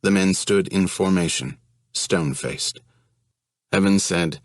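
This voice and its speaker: A man reading an audiobook in a steady, even storytelling manner. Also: low-pitched, takes it slowly, long pauses, dry recording, clean studio sound. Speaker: audiobook narrator. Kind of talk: audiobook narration.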